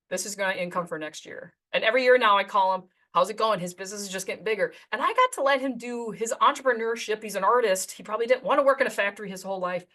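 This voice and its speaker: Animated woman coaching insurance agents. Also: fairly high pitch. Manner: animated, acts out client dialogue. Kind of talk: storytelling to agents.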